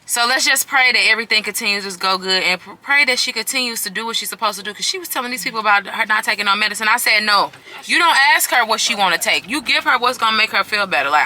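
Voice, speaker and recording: A woman's voice: mid-range voice, lively intonation, quick pace, bright, forceful tone, poor audio. Candid woman vlogging over road noise. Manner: candid, profane storytelling. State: sore throat. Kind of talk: casual confessional vlog.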